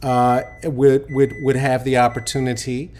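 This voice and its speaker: A man's voice: mid-range voice, completely flat delivery, measured pace, darkish tone. A man in his late forties hosting a podcast unscripted, joking and rambling with many ums and restarts. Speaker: podcast host. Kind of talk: casual unscripted podcast talk.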